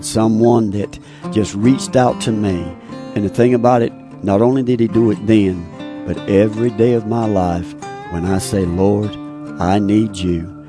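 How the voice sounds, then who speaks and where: A man giving an earnest, heartfelt personal religious testimony, often repeating his phrases. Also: lowish voice. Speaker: speaker giving a faith testimony. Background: faint guitar music.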